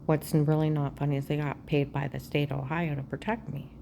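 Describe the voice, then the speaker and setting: A woman talking straight at the camera in a rambling personal monologue, agitated and aggrieved, jumping from claim to claim and often dropping to a hushed, half-whispered voice. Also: sits low, level tone, a little fast, vocal fry, a little hiss or hum. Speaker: vlogger.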